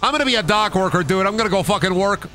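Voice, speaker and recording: A man's voice: sits high, brisk, bright, forceful tone, faint music behind, voice pushed up. A man voicing a profane, folksy male Minnesotan dock worker who drawls and calls everyone bud. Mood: grumbling.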